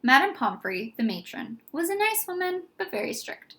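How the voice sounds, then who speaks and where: Bright-voiced woman reading a storybook aloud. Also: very high-pitched, normal speed, few pauses. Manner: lively, expressive reading. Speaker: audiobook reader.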